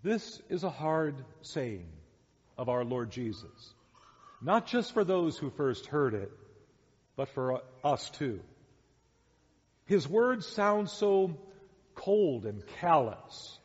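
A man's voice: on the high side, very animated, slow, pauses often, a little mellow, slightly rough. A man preaching a sermon as pastor, emphatic and full of rhetorical questions, heard in a dull echoey church hall recording.

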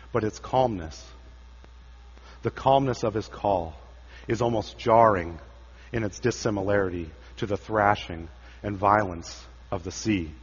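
Male preacher, dramatic sermon in reverb. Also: husky. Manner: dramatic, rises for quoted cries and drops low for quiet lines. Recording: dull sound with long church reverb.

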